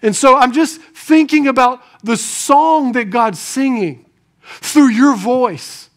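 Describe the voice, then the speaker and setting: High-voiced man preaching with energy. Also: slow. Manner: animated preaching, swings between soft asides and raised emphasis; rhetorical questions to the congregation. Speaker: pastor. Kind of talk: sermon.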